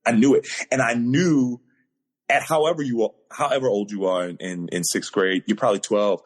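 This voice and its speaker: A man's voice: mid-range voice, fairly even intonation, moderate pace, breathy edge. A man, a podcast guest on a video call, telling a personal story in an earnest, emotional way that grows in intensity.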